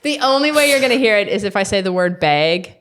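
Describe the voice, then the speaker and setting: Smooth-voiced chatty woman guest. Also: on the high side, animated, a bit bright. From Minnesota. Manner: chatty storyteller, quick asides. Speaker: guest dog trainer. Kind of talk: casual interview.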